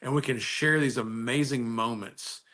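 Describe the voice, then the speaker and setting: A man's voice: mid-range voice, steady tone, normal speed, sharp tone. A man telling stories in casual chat on a live video call, enthusiastic and full of restarts. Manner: enthusiastic storyteller, many restarts.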